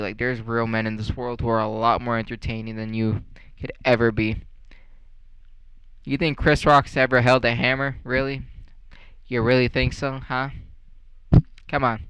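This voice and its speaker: A young man rants in a loose, rambling way, swearing and firing off sarcastic questions. His voice is smooth and clear at a middle pitch. The recording is dry and close. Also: fairly bright tone, no echo, low-quality recording. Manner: profane, sarcastic, rambling with many fillers. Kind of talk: casual rant.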